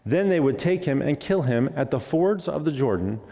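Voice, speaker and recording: A man preaching a sermon as pastor. He talks in an animated way, acts out bits of dialogue and throws in jokey asides. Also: fairly high pitch, normal speed, vocal fry, in a large hall. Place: church sanctuary.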